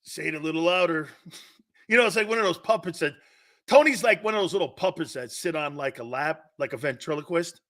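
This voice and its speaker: A middle-aged man hosting a sports talk show, ranting loudly and mocking rivals. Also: a little high, a little fast. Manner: loud, mocking, puts on voices and laughs often. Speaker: sports radio host. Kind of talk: animated sports talk rant.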